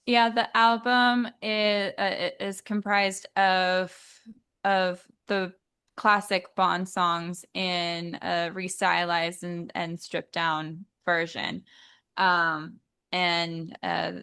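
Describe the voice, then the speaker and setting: A woman singer as an interview guest, talking thoughtfully with many pauses and fillers. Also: lowish voice, level tone, pushed and bright, smooth. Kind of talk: casual interview chat.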